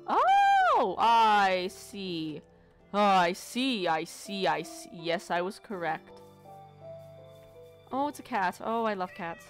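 Slow, lively, playful gamer woman. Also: medium pitch. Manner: playful and profane, chatting to game animals. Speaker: let's play gamer. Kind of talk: casual gameplay commentary.

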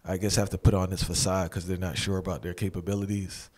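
A man's voice: deep voice, little pitch movement, fast, darkish tone. A man hosting an interview, asking casual, conversational questions with fillers. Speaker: interview host.

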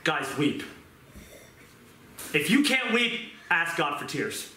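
A man preaching a fervent sermon, moving from pleading prayer to quieter scripture reading. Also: fairly high pitch, big pitch swings, slow. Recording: echoey room with noise.

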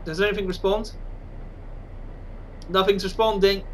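A man casually commentating on his own game, excitable and self-mocking. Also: high voice, normal speed, slight background noise, poor audio. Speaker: gaming channel host.

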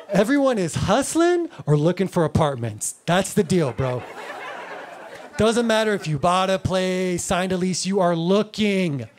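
A man doing stand-up comedy in a live club, animated and slangy, on a stage mic. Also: sits high, unhurried. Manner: animated, slangy, lots of "like" and "bro".

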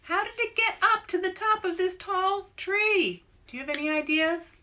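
A woman author reading her children's book aloud, expressive and asking young listeners questions. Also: very high voice, normal speed. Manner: expressive, asks kids questions. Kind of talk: picture book read-aloud.

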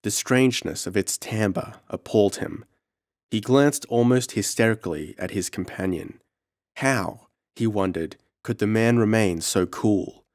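A man narrating a horror story in a measured, dramatic audiobook reading. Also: lowish voice, a little mellow, dry recording, studio quality. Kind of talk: scripted narration.

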